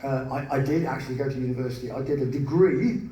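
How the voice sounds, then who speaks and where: A man's voice: mid-range voice, quick pace, dark tone. A man telling self-mocking stories on stage as a spoken word performer, bursting into song. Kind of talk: live comic storytelling on stage. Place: large live venue. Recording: echoey hall, distant mic, background noise.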